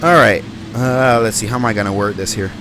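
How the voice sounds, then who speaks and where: A man's voice: fairly low pitch, fairly quick, background noise. A man giving live stream commentary on a flight simulator, rambling and thinking aloud with plenty of ums and uhs.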